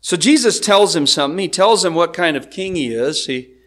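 Male pastor with a high voice, preaching in an easy, chatty way that keeps drawing the congregation in. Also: lively intonation, normal speed, fairly bright tone. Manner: conversational, asks the congregation "right?". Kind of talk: expository sermon.

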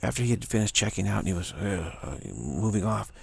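A spiritual teacher tells a spiritual story as a casual spoken reflection, rambling, repeating himself, and often restarting, all with a sore throat. His voice is on the low side, expressive, and brisk, with a creaky, slightly rough texture.

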